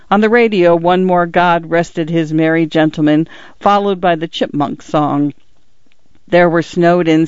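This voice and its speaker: Male audiobook narrator, literary fiction, measured expressive reading, slightly high voice, dry close sound. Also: clean tone, no room sound, muffled recording.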